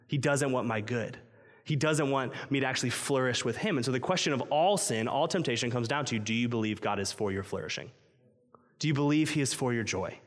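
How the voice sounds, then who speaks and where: A man in his thirties, a pastor delivering a sermon in an emphatic, conversational way. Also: medium pitch. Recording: long hall reverb.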